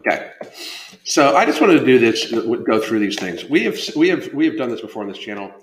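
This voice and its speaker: On this live stream about his coaching, the fitness coach and podcast host is very animated, speaking briskly in a mid-range voice. His talk is loose and profane, full of broken-off, restarted sentences, recorded in an indoor room at home with roomy echo and a little hiss or hum.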